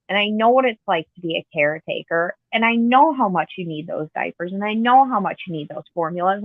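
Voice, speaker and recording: A woman's voice: medium pitch, no echo. A woman guest in casual chat on a call, talking in a heated, profane, impassioned way. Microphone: phone or call line. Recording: tinny phone line, dry.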